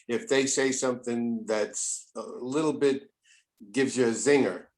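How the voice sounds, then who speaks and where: A man's voice: mid-range voice, steady tone, a little slow, a little mellow, rough recording. An older man hosting a podcast as a therapist, talking in a rambling, folksy way and often repeating words. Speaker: host, therapist. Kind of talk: casual podcast chat.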